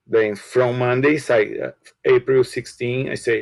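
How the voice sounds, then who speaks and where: A balloon shop owner and guest, telling a casual story in halting with grammar and repeated words. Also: male voice, medium pitch, steady tone, creaky, no echo, poor audio. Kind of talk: casual storytelling on a live show.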